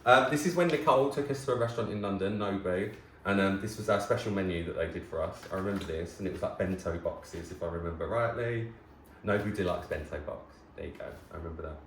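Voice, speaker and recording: Chatty gushing man in an echoey room. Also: sits low. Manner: chatty and gushing, quickly excited and tearful. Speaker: former talent show contestant, presenter. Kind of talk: casual vlog, showing keepsakes to camera. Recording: echoey room, faint hiss.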